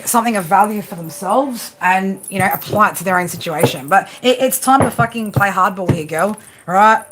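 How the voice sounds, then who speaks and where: A woman's voice: mid-range voice, fairly bright tone, a little hiss or hum. A woman giving a live tarot reading. She is blunt and swears freely. She coaches emphatically and keeps asking "right?". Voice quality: blunt and profane, peppers talk with "right?". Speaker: tarot reader.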